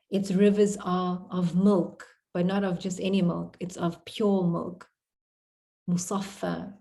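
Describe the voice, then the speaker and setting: A woman's voice: mid-range voice, mellow. A woman teaching an Arabic poem to a class on a video call, explaining it word by word in a chatty way. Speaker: Arabic tutor. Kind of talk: online class.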